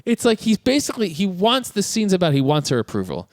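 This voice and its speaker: Podcast co-host, male, animated and giggly, lots of pitch swings. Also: quick pace, dry recording, studio quality. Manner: animated, laughs often, acts out lines in high voices. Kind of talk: casual chat recapping a film.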